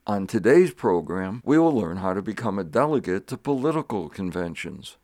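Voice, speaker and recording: A man's voice: fairly low pitch, no room sound. Man hosting with dry, punning humor. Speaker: radio show host. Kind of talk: scripted radio program narration.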